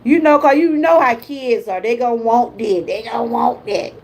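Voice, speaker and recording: An older woman talks warmly and loosely on a motivational livestream. Her voice sits a bit high, and she chats in a folksy way, answering her viewers' comments as she goes. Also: moderate pace, slight background noise, low-quality recording. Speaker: lifestyle vlogger hosting a livestream. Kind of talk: casual motivational livestream chat.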